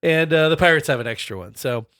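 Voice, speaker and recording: A man's voice: a little high, fast talker, a bit bright, no room sound, clean studio sound. A man co-hosting a casual comedy history podcast, telling the story in a loose, profane, laughing way.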